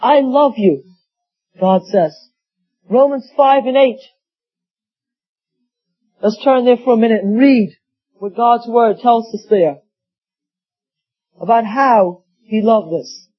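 Preacher guy, real high voice, folksy stories, muffled lo-fi recording. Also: takes it slowly, long pauses, breathy edge. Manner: folksy storytelling with acted quotes. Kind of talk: sermon. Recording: dull lo-fi sound.

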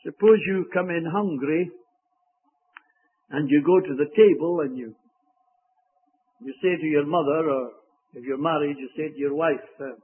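A man's voice: a little high, normal speed, pauses often, slightly rough. A man preaching a sermon in an emphatic, earnest way, on a tinny, phone-like recording.

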